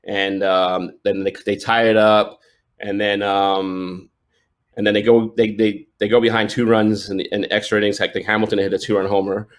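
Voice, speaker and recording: A man's voice: on the low side, little pitch movement, moderate pace. A man in his forties, a sports photojournalist, telling stories in a casual interview, rambling with restarts and fillers and laughing often. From New York.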